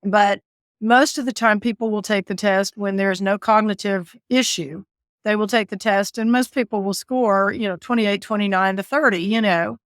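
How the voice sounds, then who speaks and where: A woman, a caregiver and author telling a lively story in an interview, laughing often. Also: mid-range voice, normal speed, dry recording, clean studio sound. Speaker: guest, author and former caregiver.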